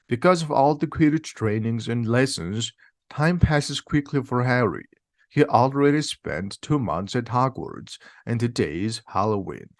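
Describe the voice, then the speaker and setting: Man, easy audiobook narration, steady and plain, mid pitch, dry close recording. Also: no echo. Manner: slow, plain, steady reading. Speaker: reader.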